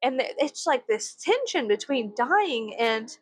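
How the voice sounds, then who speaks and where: A woman's voice: a little high, big pitch swings, unhurried, slightly rough, no room sound. A young adult woman from the United States vlogging in a casual, rambling way, swearing freely and leaning on "like" as filler. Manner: rambling, profane, filler-heavy with frequent "like". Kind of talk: casual chat to camera.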